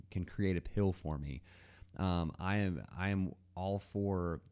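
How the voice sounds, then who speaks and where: A man with a very low, mellow voice talks alone into the mic as a podcast host. His delivery is loose and rambling, full of ums and restarts. It sounds unscripted. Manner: rambling, many fillers and restarts. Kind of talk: casual solo podcast monologue.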